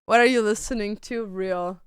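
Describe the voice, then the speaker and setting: A young woman streaming from home, chatting casually with her viewers, animated and swearing freely as she rants. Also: medium pitch, normal speed, clean tone, dry recording, clean studio sound. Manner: chatty, talks to chat between bursts of singing. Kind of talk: casual livestream chat.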